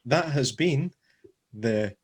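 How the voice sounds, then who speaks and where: A man with a Scottish accent co-hosting a podcast, teasing his partner in a wry, relaxed way. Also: mid-range voice, extremely slow, slightly rough. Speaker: podcast co-host. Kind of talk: casual chat.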